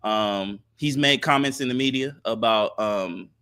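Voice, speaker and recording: A man co-hosting a podcast, giving thoughtful casual sports talk with many filler pauses. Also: on the low side, sharp tone, clear, resonant tone. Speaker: podcast co-host.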